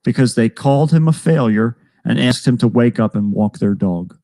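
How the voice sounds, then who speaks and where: A man's voice: mid-range voice, animated, moderate pace, warm tone, no room sound. A man co-hosting a casual comedy talk show, reading out news stories with lots of fillers and jokes. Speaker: podcast co-host.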